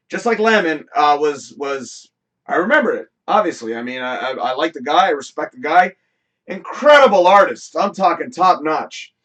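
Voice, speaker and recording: Man, talk show host, high bright voice, rambling, emotional, swearing, slightly off-mic. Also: far from the mic. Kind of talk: casual chat.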